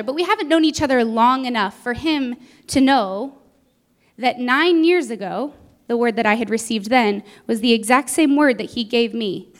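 Woman, high voice, earnest preacher, personal testimony sermon. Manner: earnest, storytelling, acts out her own past words.

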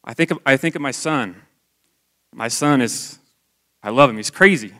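A man's voice: mid-range voice, moderate pace, pushed and bright. A man in his forties giving a candid, conversational testimony sermon to his church. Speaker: lay church speaker.

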